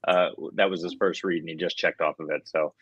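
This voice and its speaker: A man with a very low voice co-hosting a casual podcast. He gives blunt opinions, and his sound is dry and close. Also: steady tone, a little fast, fairly bright tone, husky, no room sound, muffled recording. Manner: blunt, opinionated analysis with many fillers. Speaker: co-host.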